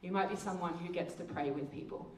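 A woman with a fairly low voice gives a slide talk, telling a story with lively, acted-out dialogue. She sounds a little away from the mic, in an echoey room, with faint ambience behind her. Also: quick pace, distant mic, slight background noise. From Australia. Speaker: missions speaker. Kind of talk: presentation with slides. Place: hall with presentation slides.

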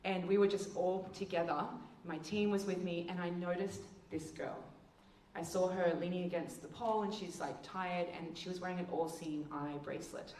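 A woman gives a storytelling testimony in a low-pitched voice, acting out dialogue with leaps in pitch. She is heard from a distance in a roomy, echoing space with a faint background hum. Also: steady tone, moderate pace, darkish tone. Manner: storytelling, acts out quotes with big pitch jumps. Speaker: speaker. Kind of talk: testimony talk. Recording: echoey room, heard from a distance.

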